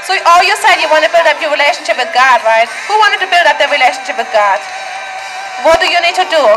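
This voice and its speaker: Woman with a really high voice doing a kids bible lesson outside, calls on kids, music playing behind. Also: low-quality recording. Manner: interactive, calls on children and has them repeat after her. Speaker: children's ministry speaker. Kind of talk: outdoor children's Bible lesson. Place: outdoors on a city sidewalk.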